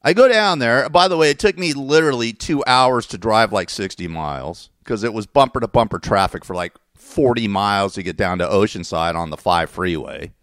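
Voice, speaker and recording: A man's voice: on the low side, lively intonation, moderate pace, few pauses, a bit bright, no echo, studio quality. A man telling a rambling, exasperated story, often cursing and correcting himself as he goes. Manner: curses and self-corrects. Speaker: vlogger telling a personal story. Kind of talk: casual rant.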